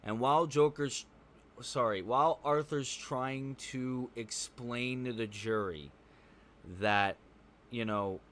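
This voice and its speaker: A man's voice: medium pitch, slow, a bit bright. A man giving a casual spoken movie review, blunt and profane, rambling with fillers like "um" and "like".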